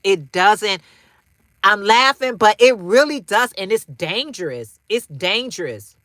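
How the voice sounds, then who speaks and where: A woman's voice: mid-range voice, animated, unhurried, fairly bright tone, dry recording, clean studio sound. A woman hosting a casual livestream, talking straight to viewers, repeating phrases for emphasis with slangy asides. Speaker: livestream host.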